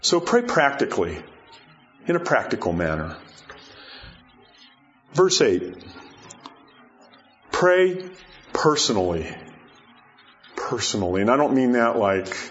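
Conversational preacher man, lo-fi sound. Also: lowish voice. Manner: conversational, animated storytelling with many fillers. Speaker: pastor. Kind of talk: sermon. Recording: dull lo-fi sound.

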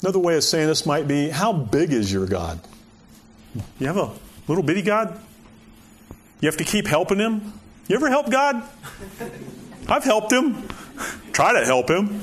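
A man's voice: sits high, sing-song, normal speed, pauses often, slight background noise. A man preaching in a conversational way, reading scripture aloud and asking the listeners rhetorical questions, often saying "you know". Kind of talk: conversational sermon.

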